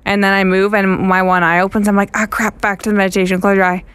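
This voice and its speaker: A woman's voice: mid-range voice, flat delivery, fast talker, a bit bright, smooth, no echo. A woman with a mid-range voice chats easily with her co-host, gushing and filling her talk with "like" and "oh my gosh". The sound is dry and close-miked. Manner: chatty, says "like" and "oh my gosh" often. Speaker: podcast co-host. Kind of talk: casual chat.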